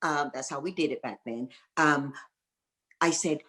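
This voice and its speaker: A woman from North Carolina with a Southern accent, a guest in a fireside chat, telling stories in an emphatic, folksy, motivational way and slowing down to repeat key lines. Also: sits low, expressive. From North Carolina, USA. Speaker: guest entrepreneur.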